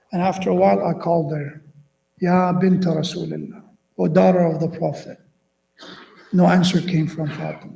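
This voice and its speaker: A sheikh delivering a memorial sermon, telling the story solemnly and reciting Arabic prayers. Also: male voice, sits high, creaky, darkish tone. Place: mosque hall at a memorial gathering. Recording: echoey hall, distant mic.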